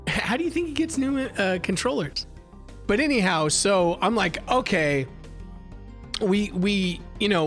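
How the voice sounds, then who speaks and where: A man with a fairly high voice chats on a livestream, spinning a rambling travel story full of swearing and restarts. Faint music plays behind him as he talks into a desk mic. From United States. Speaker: livestream host. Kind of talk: casual chat.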